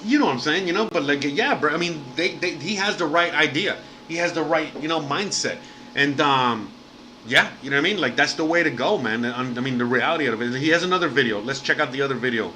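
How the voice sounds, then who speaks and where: A man's voice: fairly high pitch, animated, fast talker, bright, forceful tone, slight background noise, rough recording. A man hosting a livestream, rambling and swearing freely with lots of fillers in casual chat. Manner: rambling and profane, heavy fillers. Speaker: livestream host.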